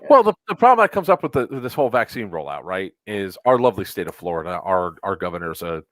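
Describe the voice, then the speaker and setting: A man's voice: low-pitched, very animated, fast, fairly bright tone, no room sound, low-quality recording. A man in his thirties hosting a podcast, telling a story in an exasperated, casual way and acting out both sides of the dialogue. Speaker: podcast host. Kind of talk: casual chat.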